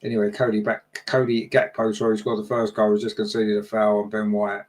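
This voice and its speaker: A man's voice: on the low side, completely flat delivery, a little fast. Chatty partisan male football commentator. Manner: partisan, chatty, rises sharply on chances. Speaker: fan channel match commentator. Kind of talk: live fan commentary.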